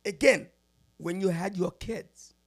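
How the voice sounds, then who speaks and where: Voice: mid-range voice, takes it slowly. A podcast guest in casual chat who keeps cutting in to make a point. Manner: interjecting, talks over others to make a point.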